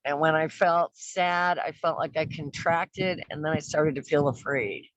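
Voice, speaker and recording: A woman's voice: sits low, a little slow, no echo. A woman participant sharing her experience on a group call, reflective and slightly hesitant. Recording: muffled call audio.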